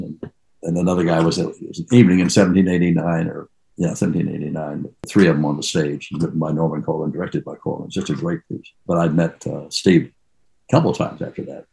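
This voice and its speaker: Older male actor, very low gravelly voice, rambling anecdotal storyteller. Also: dark tone, poor audio. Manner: rambling, reminiscing, trails off and restarts. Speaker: actor being interviewed. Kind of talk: casual anecdotal interview.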